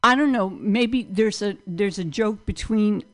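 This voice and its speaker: A woman's voice: medium pitch, unhurried. A woman hosting an open mic comedy show, introducing acts and giving comedians feedback. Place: comedy club.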